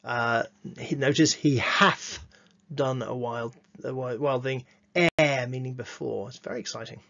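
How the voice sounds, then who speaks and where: A man giving a lesson on literature, reading quotations slowly and adding dry, wry asides. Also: medium pitch, gravelly, fairly bright tone. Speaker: teacher. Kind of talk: lesson with read-aloud quotations. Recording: dull lo-fi recording.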